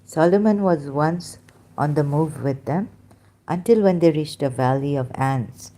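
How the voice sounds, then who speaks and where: A woman reads scripture aloud and comments on it, halting and chuckling at herself. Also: low voice, mellow. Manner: halting, self-interrupting, chuckling. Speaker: religion critic.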